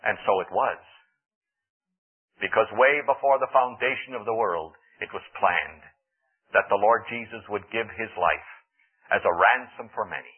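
Man preaching on the radio, earnest storytelling, kinda raspy, tinny sound. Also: on the low side, unhurried, long pauses. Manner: earnest, dramatic storytelling with rising emphasis. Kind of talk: radio sermon.

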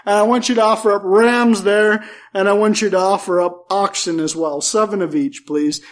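A man's voice: sits high, fairly even intonation, moderate pace, lightly acted. A man voicing a greedy, hot-tempered prophet who speaks bluntly and demandingly.

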